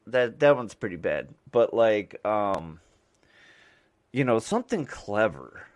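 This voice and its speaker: A man's voice: on the low side, expressive, unhurried. A man from the United States, a mailman and podcast host, rambling casually with lots of fillers and restarts.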